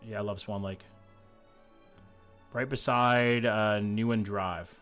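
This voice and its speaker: A man's voice: on the low side, fairly even intonation, slow, a bit bright, clear, resonant tone, soft background music. Casual swearing male game streamer. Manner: swears freely and reads chat aloud. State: a little sick. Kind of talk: casual live-stream chat while gaming.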